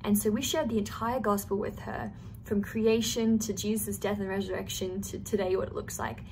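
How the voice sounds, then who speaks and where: A woman's voice: mid-range voice, fairly even intonation, moderate pace, a little mellow, a little hiss or hum. A young woman telling a personal faith testimony in an earnest, storytelling way, with casual fillers. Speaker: youth testimony speaker.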